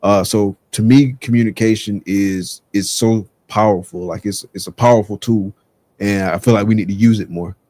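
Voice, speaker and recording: Laid-back low-voiced podcast host. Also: male voice, steady tone, normal speed, a little mellow. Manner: laid-back, says "man" a lot. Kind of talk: casual podcast chat.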